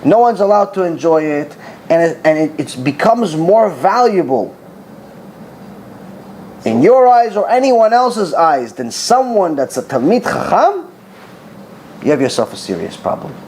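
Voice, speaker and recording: A middle-aged man teaching as a rabbi, an animated storyteller who acts out dialogue and repeats words for emphasis. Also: a little high, unhurried, long pauses, slight background noise. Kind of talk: Torah class with storytelling.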